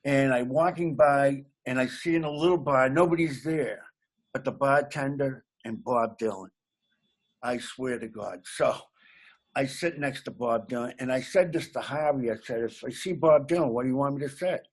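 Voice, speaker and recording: A man from Massachusetts, a comedian guest telling a lively anecdote. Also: medium pitch, moderate pace. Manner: animated anecdote teller, laughs along. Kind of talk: casual storytelling.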